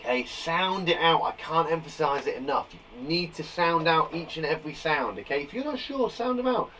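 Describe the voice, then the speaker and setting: A man teaching a live phonics lesson to young children from a garden shed, upbeat and encouraging, sounding out words slowly. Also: fairly high pitch, lively intonation, bright, forceful tone, recorded from a distance, slight background noise, rough recording. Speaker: primary school teacher.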